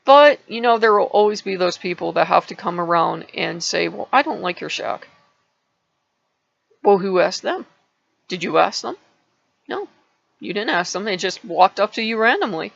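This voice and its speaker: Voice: medium pitch, lively intonation, moderate pace, creaky, a bit bright, muffled recording. A channel host telling a parable in a casual vlog, rambling and restarting words often.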